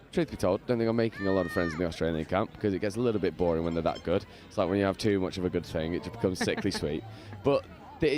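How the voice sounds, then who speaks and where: A man giving lively play-by-play commentary from a balcony at an outdoor sports ground, with casual slang. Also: lowish voice. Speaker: match commentator.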